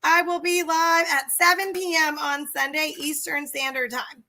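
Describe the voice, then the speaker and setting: High bright woman coaching live. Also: flat delivery, unhurried. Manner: enthusiastic, chatty, addresses viewers directly. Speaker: sales coach hosting a livestream. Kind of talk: casual livestream talk to viewers.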